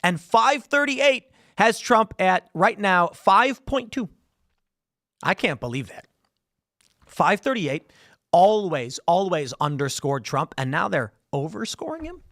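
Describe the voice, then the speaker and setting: A man hosts a live political stream in a sarcastic, mocking tone. His voice sits a little high and swings widely in pitch. The sound is close and dry, with almost no room around it. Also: very animated, slow pace, a bit bright, no room sound. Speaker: political show host. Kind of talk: opinionated live-stream commentary.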